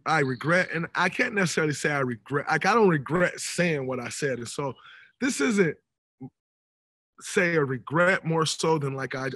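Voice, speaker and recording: A man in his thirties, a podcast guest telling stories in an animated, emphatic way. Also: fairly high pitch, no room sound. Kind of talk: casual podcast conversation. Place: podcast studio.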